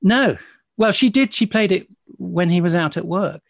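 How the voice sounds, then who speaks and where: A man's voice: high voice, moderate pace, gravelly, no room sound, studio quality. A man hosting an interview, asking thoughtful, hesitant questions. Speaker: host. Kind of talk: interview conversation.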